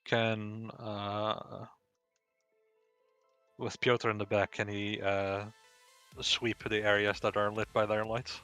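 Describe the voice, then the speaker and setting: A man's voice: on the low side, flat delivery, takes it slowly, pauses often, a bit bright, clean tone, dry recording, faint music behind. A man playing a tabletop role-playing game, asking hesitant questions with restarts. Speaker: player. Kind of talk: casual play at a tabletop game. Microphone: headset.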